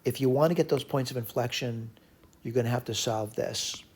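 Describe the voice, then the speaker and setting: A man teaching a recorded math lecture, working through a problem out loud and correcting his own slips as he goes. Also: medium pitch, fairly quick, slightly rough. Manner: talks to himself while working problems, frequent self-corrections.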